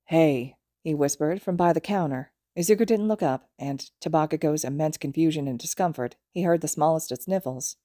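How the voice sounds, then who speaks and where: A woman narrating fan fiction as an audiobook, in a calm, even storytelling manner. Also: low-pitched, brisk, few pauses, dry recording, clean studio sound. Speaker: podfic reader.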